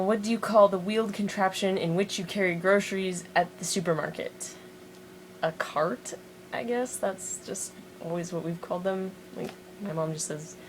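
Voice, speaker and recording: A woman's voice: medium pitch, slight background noise, poor audio. A woman from Montana with an American accent, chatting casually and reading a word list aloud with self-deprecating asides, recorded on the built-in mic of a handheld music player. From Montana, USA. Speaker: vlogger doing an accent challenge.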